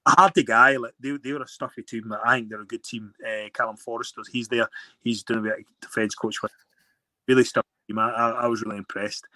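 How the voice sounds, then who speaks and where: Scottish male guest, rambling anecdotes, bright tone, dry sound. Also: fairly low pitch, dry recording. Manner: rambling storyteller with many restarts. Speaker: guest rugby player. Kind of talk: casual interview chat.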